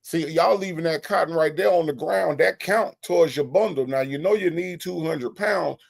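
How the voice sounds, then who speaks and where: Man doing a bossy older overseer, slow drawling orders, gravelly, high.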